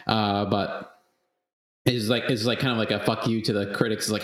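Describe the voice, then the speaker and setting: Casual male co-host, low-pitched, rambling delivery with cursing, roomy sound. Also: steady tone, normal speed, fairly bright tone. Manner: rambling, profane, laughs often. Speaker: podcast co-host. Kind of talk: casual chat.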